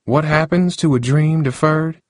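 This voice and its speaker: A grieving old woman who once taught school speaks in a soft, wavering voice, as a male narrator puts her on. The sound is dry and close. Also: on the high side, unhurried, no room sound, pitched above the performer's own voice, lightly acted. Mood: reciting, reminiscing. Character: elderly woman, retired teacher, grieving neighbor.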